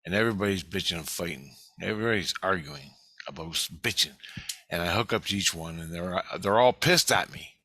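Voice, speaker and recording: A man's voice: sits low, brisk, sharp tone, dry recording. A man talking casually and at length, recounting a dream in a profane, rambling, emphatic way.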